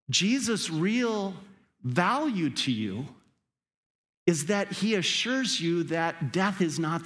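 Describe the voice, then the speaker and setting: A male pastor delivering a sermon in a slightly high voice. He talks to the congregation like a conversation, then swells to loud, urgent emphasis before easing back to a quieter tone. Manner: emphatic, rising to urgent peaks then dropping low; conversational, speaks directly to the congregation.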